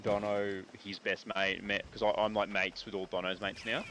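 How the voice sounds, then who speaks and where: A man's voice: on the low side, level tone, moderate pace. Rambling Australian guy, noisy stream. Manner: rambling, swears often, fills with "like". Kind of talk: casual storytelling chat.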